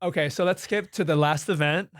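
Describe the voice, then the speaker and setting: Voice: mid-range voice, fairly quick, no room sound, studio quality. A young adult co-hosting a podcast in casual chat, teasing and asking many questions. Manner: teasing, asks lots of questions. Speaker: podcast co-host.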